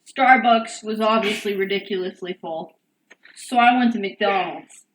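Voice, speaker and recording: A young woman co-hosting a podcast, telling an animated story in casual chat and acting out the quotes. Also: medium pitch, unhurried. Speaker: podcast co-host. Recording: echoey room, distant mic, faint hiss.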